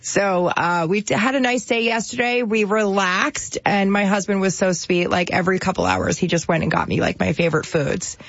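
A woman's voice: medium pitch, normal speed, hardly any pauses, no room sound, dull audio. A woman from New Jersey, co-hosting a radio show, telling a story in chatty casual banter with many fillers.

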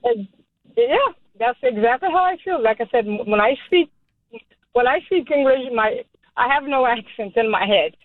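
A woman's voice: on the high side, animated, moderate pace, no room sound. Cape Verdean woman on a phone line. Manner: emphatic, skeptical, questioning. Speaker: caller. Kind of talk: call-in radio chat.

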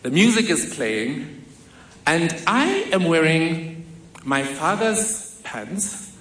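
A man's voice: fairly high pitch, very animated, slow pace, fairly bright tone. A man from telling a vivid, self-mocking personal story on stage in a large hall. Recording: echoey hall with faint noise.

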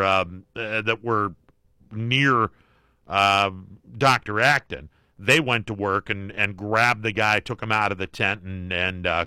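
Slow bright-voiced radio host man. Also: medium pitch, dry recording, studio quality. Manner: slow, halting with many fillers, breaks into put-on voices. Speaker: radio talk show host. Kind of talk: call-in radio chat. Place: radio studio.

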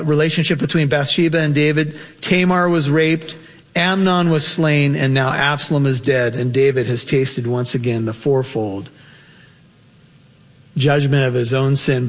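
A male pastor preaching a sermon with impassioned delivery, his voice climbing high on emotional quotes and then drawing into prayer. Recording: long hall reverb.

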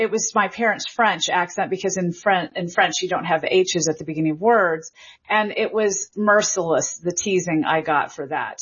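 A woman's voice: mid-range voice, a bit bright, slightly rough, dull audio. A woman in her forties who grew up in Memphis, a linguistics professor explaining things thoughtfully as a guest in an interview. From Memphis, Tennessee. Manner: thoughtful, explanatory, with fillers and restarts. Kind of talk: interview conversation.

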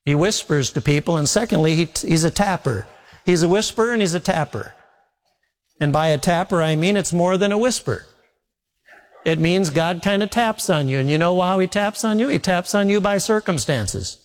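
A man's voice: high-pitched, normal speed. A male pastor preaching a sermon in a folksy, repetitive way, telling homely stories. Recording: long reverb of a large hall.

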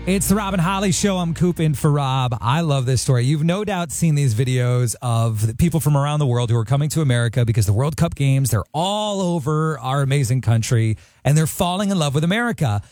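A man filling in as a radio host, telling a story with animated energy. His voice leaps up when he gets excited. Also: a little high, brisk, no room sound, faint music behind. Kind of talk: morning radio banter. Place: radio studio. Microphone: studio mic.

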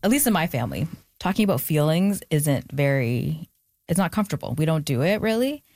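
A woman's voice: sits low, big pitch swings, brisk, darkish tone, dry recording. A young adult woman, an author being interviewed, talking reflectively with frequent fillers and restarts. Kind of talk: candid conversational interview.

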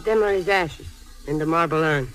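An actress playing a blunt, grieving widow and seamstress. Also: female voice, low voice, normal speed, close to an everyday voice, rough recording. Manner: blunt, scolding then tender. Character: fiery grieving Italian-American widow seamstress. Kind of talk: stage or film drama acting.

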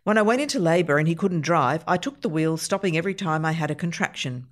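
A woman reading short humorous anecdotes aloud for a radio reading service, steady with a light, playful touch on the punchlines. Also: low-pitched, fast. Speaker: reader of humor pieces.

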